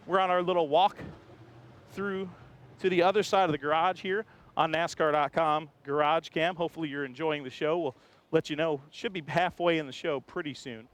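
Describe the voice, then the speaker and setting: A man's voice: on the high side, fairly even intonation, normal speed. A man hosting a walking tour of a race garage, chatting upbeat and joking with crew members outdoors. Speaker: host. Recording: faint outdoor background noise.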